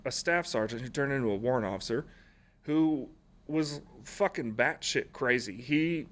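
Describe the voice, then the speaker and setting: A man with a mid-range voice, moderate pace, and fairly bright tone shares stories on a podcast. He's an ex-Marine from Alaska whose casual storytelling is profane, blunt, and punctuated by laughter.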